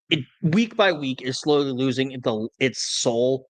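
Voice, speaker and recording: A young man co-hosting a sports podcast goes on a casual, worked-up rant. His medium-pitched voice is very animated, yet his pace is measured with long pauses, and he stammers when heated; there's no echo.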